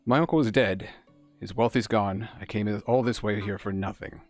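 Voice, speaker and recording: A man's voice: lowish voice, normal speed, faint music behind, natural voice. A man reading as an earnest young traveler. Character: earnest young male traveler seeking his uncle. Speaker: reading game dialogue aloud.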